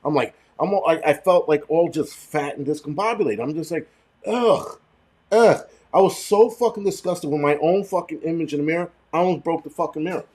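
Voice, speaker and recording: A man hosting a casual livestream chat, rambling and swearing freely with animated outbursts. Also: a little high, fast talker, hardly any pauses. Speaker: host.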